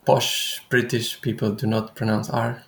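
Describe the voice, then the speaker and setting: A young man speaking as a guest researcher in a casual conversation, thoughtful and halting, often restarting his sentences. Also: mid-range voice, flat delivery, gravelly, a bit bright, roomy sound.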